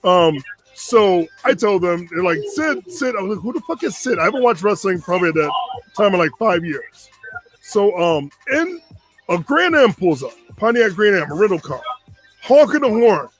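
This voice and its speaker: A man's voice: high voice, moderate pace, soft background music. A man in his forties from Connecticut telling a long story casually, acting out the other people's lines. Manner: animated, acts out quoted voices.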